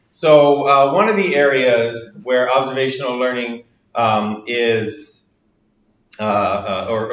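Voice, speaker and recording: A man's voice: medium pitch, fairly bright tone. A man teaching a university psychology class, explaining step by step with many fillers and acting out little quoted exchanges. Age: adult with children. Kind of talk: recorded lecture. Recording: roomy lo-fi lecture recording.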